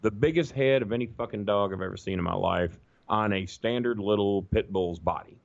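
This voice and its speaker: Gravelly middle-aged man telling stories. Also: fairly low pitch, brisk, no echo. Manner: profane, rambling anecdotes, acts out quoted voices. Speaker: podcast guest. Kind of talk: casual storytelling chat. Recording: dull lo-fi dry sound.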